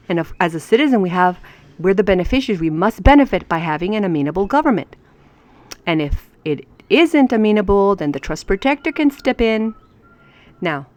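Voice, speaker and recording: A woman's voice: mid-range voice, no echo. Chatty, emphatic woman teaching. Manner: chatty and emphatic, with asides to viewers. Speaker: home teacher. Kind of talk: casual lesson reading legal maxims.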